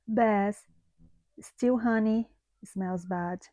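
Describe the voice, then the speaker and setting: A woman's voice: mid-range voice, very slow, dark tone, no room sound, clean studio sound. A woman voicing a suspicious, determined little female bee who speaks indignantly and insists. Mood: insistent.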